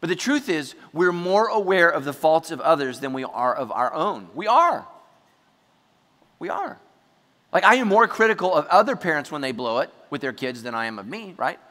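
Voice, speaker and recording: A man preaching a sermon to his congregation, chatty and joking, acting out quick asides as he goes. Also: a little high, big pitch swings, pushed and bright. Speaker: pastor. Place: church hall before a congregation. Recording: large hall with long reverb.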